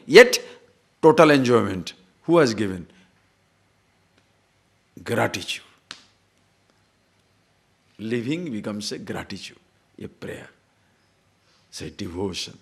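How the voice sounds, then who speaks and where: A man's voice: medium pitch, vocal fry. A man giving a scripture lecture as a spiritual teacher, asking rhetorical questions and repeating words for emphasis.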